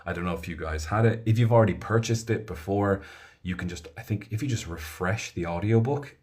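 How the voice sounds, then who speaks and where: An Irish man talks casually on a live stream, rambling as he reads out viewer comments. His voice sits low, with a husky edge. He speaks as an audiobook narrator answering his fans. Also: a little fast, a little mellow.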